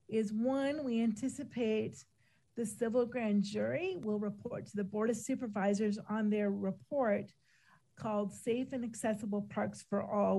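A woman presents a report to a council in a measured, methodical way, pausing often on ums and uhs. Her voice is gravelly and fraying, as if she is losing it, with a dark, mellow tone. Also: medium pitch, rough recording. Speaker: city disability office official presenting a report.

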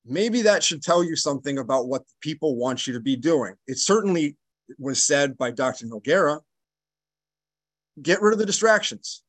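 A man's voice: mid-range voice, animated, a little fast, no echo. Guy venting at a school board meeting, fed up, dry mic. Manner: exasperated, emphatic. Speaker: public commenter. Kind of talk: public comment.

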